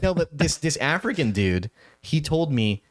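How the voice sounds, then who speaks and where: Rambling podcast host with a lively pitch. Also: male voice. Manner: rambling, halting, with many restarts and laughs. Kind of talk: casual chat.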